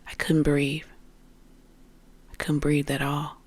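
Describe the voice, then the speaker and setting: A spiritual podcast host telling a story in a casual monologue, calling listeners "family" and swinging between loud outbursts and hushed whispers. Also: mid-range voice, completely flat delivery, takes it slowly. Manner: addresses listeners as family, streetwise slang.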